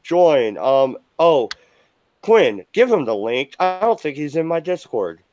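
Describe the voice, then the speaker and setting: A buzzed man hosting a live stream from his desk at home, ranting angrily with lots of swearing, swinging between shouts and mutters. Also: fairly high pitch, very animated, takes it slowly. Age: adult with children. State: a little buzzed. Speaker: livestream host. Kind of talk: profane live-stream rant.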